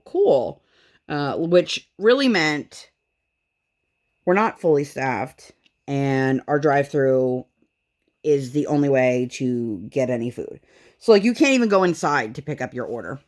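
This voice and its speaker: A woman in her thirties chatting casually while she crafts, acting out the people in her story with big jumps in her voice. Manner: animated storytelling, acts out dialogue with big pitch jumps. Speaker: craft vlogger.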